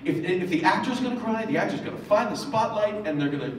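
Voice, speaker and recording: A man's voice: high voice, expressive, fast, far from the mic, a little hiss or hum. A man giving reflective advice about acting as a voice director on a convention panel, telling stories with emphatic asides. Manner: thoughtful, storytelling, emphatic asides. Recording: very echoey room, voice from afar.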